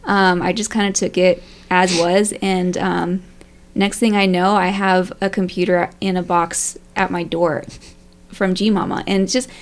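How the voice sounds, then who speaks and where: A woman's voice: on the low side, little pitch movement, a little slow. A young woman on a faith podcast panel, telling a heartfelt personal story in a chatty way, full of fillers and "like"s. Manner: chatty, many fillers and likes, emotional.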